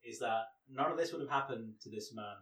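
A man's voice: medium pitch, fairly quick, a bit bright, recorded from a distance. A man co-hosting a podcast in casual comedic chat, giggly and jokey, riffing on tangents. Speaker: podcast co-host. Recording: roomy sound, away from the mic.

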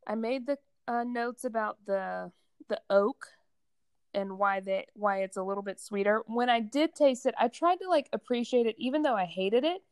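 Gravelly-voiced woman chatting away, dry close sound, laughs a lot. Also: on the high side, normal speed, no echo. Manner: chatty, laughs often, lots of "like". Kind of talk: casual chat.

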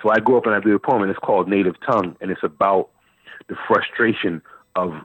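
A man, a guest poet telling a long story in an interview, animated and repeating words as he searches for them. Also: on the low side, quick pace, slightly rough, no room sound. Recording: phone-line interview with faint music.

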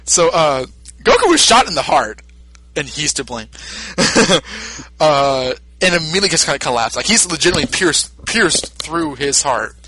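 A man co-hosting a podcast, retelling a film with lively, swooping pitch and frequent laughs. His voice is bright and forward, and the recording is close and dry. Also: moderate pace, no room sound. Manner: laughing, animated storytelling. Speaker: podcast co-host. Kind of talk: casual chat, film recap.

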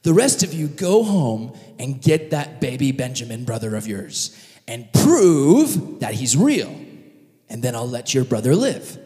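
A man voicing a stern, scheming governor who gives slow, drawn-out orders within a told story. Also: mid-range voice, sing-song, dark tone. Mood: commanding. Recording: long reverb in a large hall.

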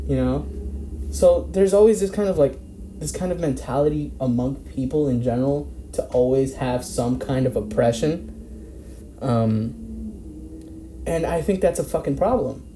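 A man's voice: mid-range voice, moderate pace, warm tone. A man in casual discussion, talking in a rambling way, with many fillers and restarts and some swearing. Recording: echoey room with faint background noise.

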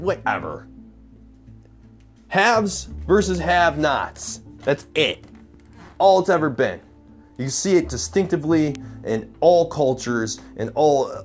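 A young man giving a heated, profane political rant, stumbling through restarts and repeating himself. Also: fairly high pitch. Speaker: vlogger.

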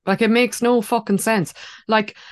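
A woman's voice: fairly high pitch, steady tone, normal speed. A woman co-hosting a podcast in casual chat, ranting emphatically and swearing constantly. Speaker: podcast co-host.

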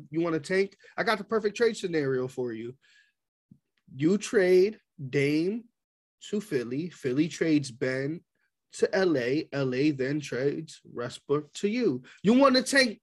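A man co-hosting a casual sports talk, ranting heatedly and acting out quotes. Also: a little high. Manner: animated, ranting, quoting people in voices.

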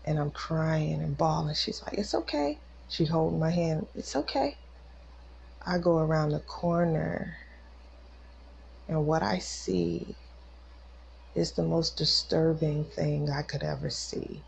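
A woman's voice: sits low, little pitch movement, slow, gravelly, a little mellow. A mother and podcast host telling a personal testimony with emotion, talking straight to her listeners. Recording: dull lo-fi recording with faint noise.

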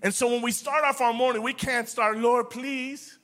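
A man preaching a sermon to his church, swinging between loud declarations and soft whispers and repeating words for emphasis. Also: very high voice, steady tone, fairly quick. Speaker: pastor.

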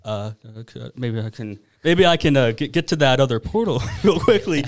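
A man's voice: animated, moderate pace, natural voice. A man voicing a frantic cartoon teenage boy who stammers and yelps. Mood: shaky. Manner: stammering, high and yelping.

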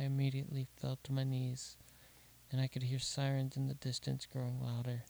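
A man reading a horror story aloud, slow and deliberate, dropping to a hush at grim details. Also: medium pitch, completely flat delivery, vocal fry, rough recording. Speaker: narrator. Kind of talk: scripted horror story narration.

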